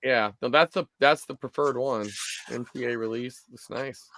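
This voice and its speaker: A man in his forties co-hosting a live stream show, telling stories in a rambling, animated way with lots of fillers. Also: medium pitch, moderate pace, very noisy. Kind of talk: casual chat.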